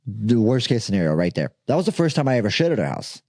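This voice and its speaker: A man's voice: fairly low pitch, very animated, fast talker, dark tone, dry recording. A young man co-hosting a podcast, telling a rambling story with lots of swearing and laughter. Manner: profane, rambling, laughs often. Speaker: podcast co-host. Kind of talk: casual chat, storytelling.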